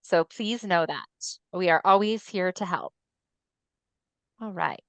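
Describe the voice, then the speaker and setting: A woman's voice: lowish voice, slow pace, a bit bright, clear, resonant tone, no room sound. Woman presenting a friendly webinar. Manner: friendly, explanatory, frequent ums. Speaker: webinar presenter for an ALS voice nonprofit.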